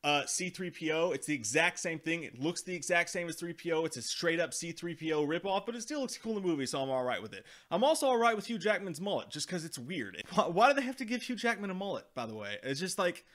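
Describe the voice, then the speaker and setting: Man, movie review vlogger, higher voice, profane, exasperated rant. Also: big pitch swings, fast talker, hardly any pauses, fairly bright tone. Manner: slips into mocking impressions of characters. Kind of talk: ranting movie review vlog.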